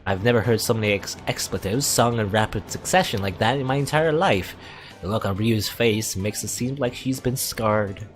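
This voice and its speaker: A man's voice: fairly low pitch, moderate pace, soft background music. A young man playing a visual novel, reading its narration aloud and rambling between lines with stammers. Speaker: let's play gamer.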